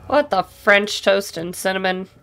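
A woman's voice: medium pitch, measured pace, creaky, fairly bright tone. A young woman giving sarcastic let's-play commentary, talking to herself as she plays and swearing freely. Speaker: gaming streamer.

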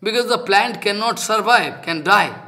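Male preacher, high bright voice, emphatic and repetitive, acts out the dialogue he quotes. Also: normal speed. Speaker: spiritual teacher. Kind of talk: devotional sermon.

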